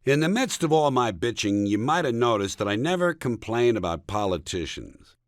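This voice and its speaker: At normal speed, a US man reads his own comic book in the studio, pitch jumping widely between lines. His tone is sardonic and mocking as he jabs each punchline home, and the close, dry recording has no room sound.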